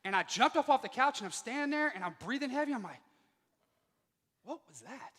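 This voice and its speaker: A man giving a motivational speech to students, telling a personal story with lively delivery and acting out the dialogue. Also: very high voice, quick pace, in a large hall. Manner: animated, acts out quoted dialogue. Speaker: motivational speaker. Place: school auditorium.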